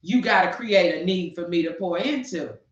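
Speaking at a normal pace in a lowish voice, this podcast co-host rants with passion and fires off rhetorical questions in a heated opinion segment. The sound is lo-fi, dull, echoey, and distant.

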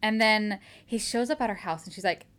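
A young woman co-hosts a book podcast, briskly recapping a romance novel in casual chat with a medium-pitched voice. She's animated and laughs often while quoting the characters.

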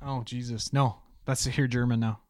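A man's voice: medium pitch, fairly even intonation, normal speed, no echo. A man co-hosting a podcast in casual chat, blunt and emphatic and swearing freely. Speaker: podcast co-host.

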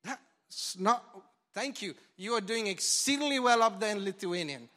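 A man preaching a lively sermon as pastor, swinging from loud shouts to soft whispers into a handheld mic in a church. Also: sits high, normal speed. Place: church hall.

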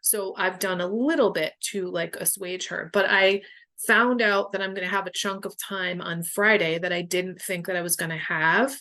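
A woman's voice: fairly low pitch, steady tone, moderate pace, sharp tone. A woman guest and boundaries coach telling personal stories in a frank, emotional way, swearing freely. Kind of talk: candid conversational storytelling.

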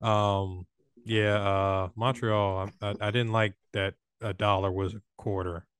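A man co-hosting a podcast, joking around with playful, animated banter. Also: lowish voice, unhurried, clear, resonant tone, no echo, clean studio sound. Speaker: podcast co-host.

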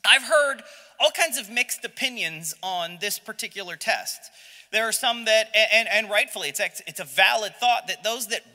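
A man's voice: high-pitched, moderate pace. A man teaching a Sunday school Bible lesson in a playful, jokey way, acting out the people in the story. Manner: animated, jokey, acts out voices of Bible characters. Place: church classroom. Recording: long hall reverb.

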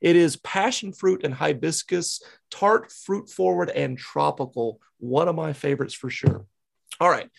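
An upbeat man hosting a fan podcast with a higher voice full of gravelly fry. He runs quick word games and reads sponsor plugs in a loose, casual way. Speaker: podcast host. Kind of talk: casual interview chat.

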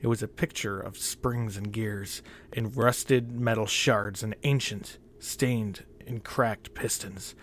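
A man narrating a first-person horror story in a measured, tense, often quiet way. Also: lowish voice, fairly even intonation, a little hiss or hum.

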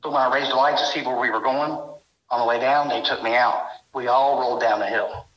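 A man with a bright, forceful voice recounts his experience with raw, rambling intensity, leaning on little filler phrases. His voice rings around a roomy, echoing space. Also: medium pitch, steady tone, brisk. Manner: rambling, intense, full of "you know". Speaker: guest recounting encounters. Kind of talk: emotional first-person storytelling.

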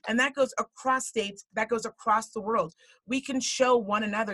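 A woman's voice: on the high side, fairly even intonation, moderate pace, fairly bright tone, no echo. A woman co-hosting a podcast, talking bluntly and emphatically, with a lot of swearing. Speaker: podcast co-host. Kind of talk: casual podcast chat.

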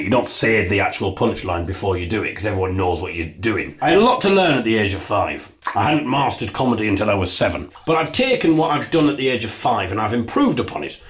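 Brief: low-voiced male podcast host, dry and self-deprecating, joking from the bath. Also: slight background noise. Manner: deadpan, self-mocking. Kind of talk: comic monologue.

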